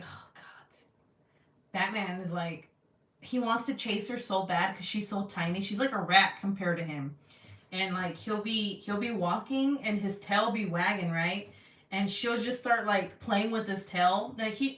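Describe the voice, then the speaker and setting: A woman vlogging in a casual, rambling chat, full of fillers, who gets animated when she quotes people. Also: mid-range voice. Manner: chatty, lots of fillers, animated when quoting others. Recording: echoey room, voice a bit far from mic.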